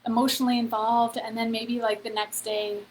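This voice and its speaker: A woman's voice: on the high side, little pitch movement, fairly quick, slight background noise, rough recording. A woman hosting a casual live-stream motivational talk, chatty, with lots of "like" and "okay?" and talking straight to her viewers. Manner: chatty, heavy on "like" and "okay?", addresses viewers directly. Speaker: host of a free online event.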